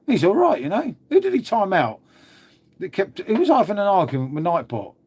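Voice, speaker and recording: A man's voice: sits high, wildly swooping pitch, a little fast, a little mellow, slightly rough. A man hosting a casual live stream, chatting to viewers, reacting to comments and calling everyone "mate". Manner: chatty, calls people "mate" constantly. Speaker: livestream host.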